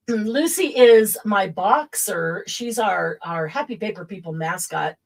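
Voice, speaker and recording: A woman hosting a casual craft livestream at home, chatty and quick to laugh as she greets viewers by name. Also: mid-range voice, expressive, creaky, breathy edge, rough recording.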